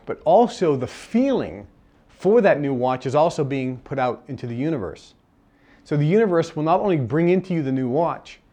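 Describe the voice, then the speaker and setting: A man's voice: medium pitch, darkish tone. A man giving a live seminar lecture, emphatic and repeating his key phrases, sometimes acting out bits of dialogue. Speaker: seminar speaker.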